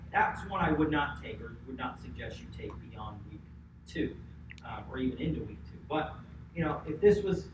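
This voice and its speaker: Energetic male instructor in echoey classroom. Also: a little high, recorded from a distance, muffled recording. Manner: energetic, chatty, asks the class questions. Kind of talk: classroom lecture. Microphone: distant room mic. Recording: echoey classroom recorded from afar, noisy.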